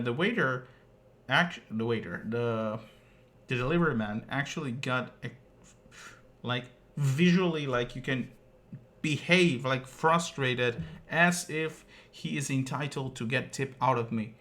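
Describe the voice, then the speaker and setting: A man streamer talks through a personal story in a casual rant. He rambles with plenty of fillers and drops the odd swear word. His voice sits at an ordinary middle pitch. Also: fairly bright tone.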